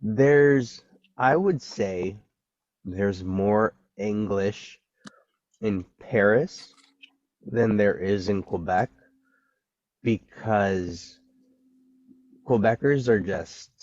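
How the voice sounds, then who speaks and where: A man's voice: lowish voice, drawn-out words, long pauses, darkish tone, no echo, highs cut off. A man hosting a casual podcast, talking in a laid-back, loose way while getting over covid. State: recovering from covid. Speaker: podcast host.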